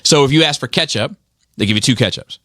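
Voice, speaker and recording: A man's voice: mid-range voice, fast, pushed and bright, no echo, studio quality. A man co-hosting a casual podcast, rambling and laughing as he talks. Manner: rambling, laughs often, full of restarts. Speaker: podcast host.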